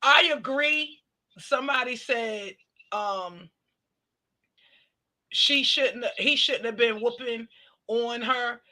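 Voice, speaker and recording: A woman hosting a casual live talk stream, retelling events in lively detail and acting out who said what. Her voice is bright and forward, with a quick, chatty delivery. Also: fairly high pitch, low-quality recording. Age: adult parent. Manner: animated, retelling events with quoted dialogue. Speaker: talk show host.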